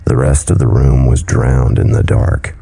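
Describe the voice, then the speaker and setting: A man narrating a horror story in a low, brooding delivery. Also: little pitch movement, measured pace, gravelly, warm tone, husky, faint music behind.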